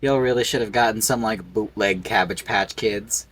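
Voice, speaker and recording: A young man chatting casually on a podcast, joking with quick interjections. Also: fairly low pitch, fairly bright tone, slight background noise. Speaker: podcast co-host. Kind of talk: casual chat.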